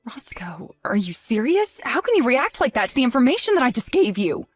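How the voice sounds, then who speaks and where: A woman's voice: on the high side, very animated, a little fast, no echo. A woman playing a grieving, indignant young wife in a voiced text-message drama, emotional and accusing. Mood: hurt.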